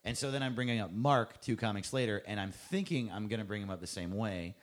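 A man's voice: fairly low pitch, expressive, brisk. Young man telling a rambling story. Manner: rambling, lots of "like" fillers. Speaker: guest comedian. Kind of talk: casual podcast storytelling.

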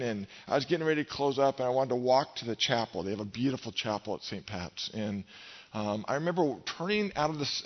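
A middle-aged male pastor delivers a fervent sermon in a church sanctuary. His voice climbs for the scripture quotes and sinks low and soft for his personal stories. The sound is dull and lo-fi, with a long reverb trailing through the hall.

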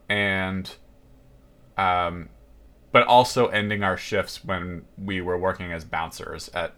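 A man co-hosting a podcast, talking in a relaxed, hesitant way. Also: low voice. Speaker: podcast co-host. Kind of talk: casual chat.

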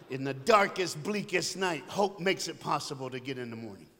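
Man, preacher, high bright voice, loud call-and-response, long hall echo. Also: animated, moderate pace, hardly any pauses. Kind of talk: energetic call-and-response sermon. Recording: long hall reverb, faint ambience.

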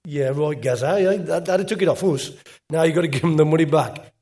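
A man's voice: a little high, fairly quick, warm tone. A man, a former footballer, telling a rambling after-dinner story on stage with lots of repeats. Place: live event on stage.

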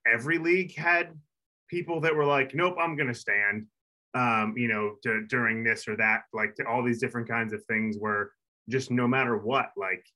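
A man's voice: mid-range voice, steady tone, normal speed, pushed and bright, low-quality recording. A man from New York co-hosting a podcast, chatting casually and rambling with many fillers and restarts. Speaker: podcast co-host. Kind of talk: casual chat.

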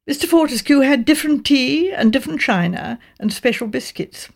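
An older woman reads a classic mystery aloud as an audiobook narrator. Her voice sits a little high and carries a gravelly edge. Her delivery is measured and precise. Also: lively intonation. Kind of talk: scripted narration.

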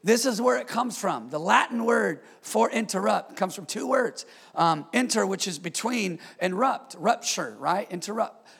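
A man preaching as a pastor, energetic with joking asides and calls for amen from the congregation, in a church. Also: high voice, unhurried, creaky, hardly any pauses, slightly rough. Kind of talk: sermon. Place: church sanctuary. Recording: long hall reverb.

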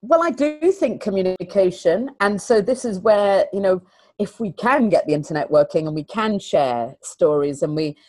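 A middle-aged woman speaks in an earnest, animated way, pressing her points by repeating them. The recording is dry and close, with no room sound. She talks like a teacher sharing stories in a conversational interview. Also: medium pitch, moderate pace, no room sound. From England. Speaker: teacher and guest.

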